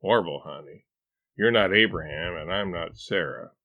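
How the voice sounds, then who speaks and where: A man's voice: sits low, moderate pace, phone-quality sound. A man voicing an exasperated adult wife who fires off incredulous, teasing questions at her husband in a storybook reading. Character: exasperated sharp-tongued wife, adult woman.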